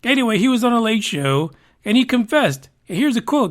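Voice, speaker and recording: A man hosting a podcast, reacting to news in casual commentary that is sarcastic, profane and animated. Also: very high voice, brisk. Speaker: podcast host.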